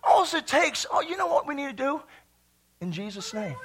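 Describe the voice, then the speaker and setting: A man preaching a charismatic sermon in a church, exuberant, bursting into shouts and laughter between calmer teaching. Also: very high voice, normal speed. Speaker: pastor.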